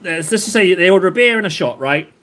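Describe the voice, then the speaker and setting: Male stream host, high-pitched, loose and jokey, talks in fits and starts with constant fillers. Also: animated, fast, fairly bright tone. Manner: rambling, jokey, lots of fillers and self-interruptions. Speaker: livestream host. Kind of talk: casual chat with live chat readers.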